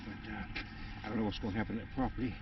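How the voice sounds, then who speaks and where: A man's voice: fairly low pitch, fairly even intonation, racing, very noisy. Winded man rambling outdoors. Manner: rambling, many fillers. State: out of breath. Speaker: vlogger. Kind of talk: casual rambling walk-and-talk. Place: outdoors on wooded rural land. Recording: distant dull outdoor recording.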